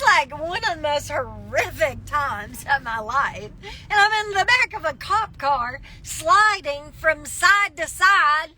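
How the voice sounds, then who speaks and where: A woman's voice: extremely high pitch, bright, forceful tone, a little hiss or hum. A woman telling a dramatic story to her phone from inside a car, laughing often as she goes. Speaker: social media live streamer. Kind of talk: casual storytelling.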